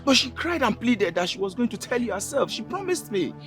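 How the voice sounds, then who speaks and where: A man's voice: extremely high pitch, very animated, fairly quick, a bit bright, exaggerated voice. A man playing a pleading Nigerian friend. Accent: Nigerian English. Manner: pleading, defensive. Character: defensive young man, loyal friend. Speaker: accused friend. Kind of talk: Nollywood film acting. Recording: film audio with background music.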